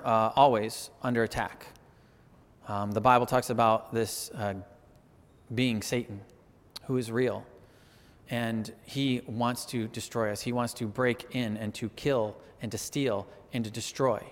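Guy preaching a sermon, chatty, keeps going "right?", big hall echo behind him. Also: on the low side. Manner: animated, rising to emphatic peaks; conversational, asks the audience "right?".

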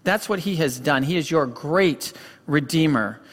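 Male pastor preaching, slightly high register, earnest, repeats for emphasis, long hall reverb. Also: animated, unhurried. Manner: earnest storytelling, emphatic repetition. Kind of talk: sermon. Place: church sanctuary.

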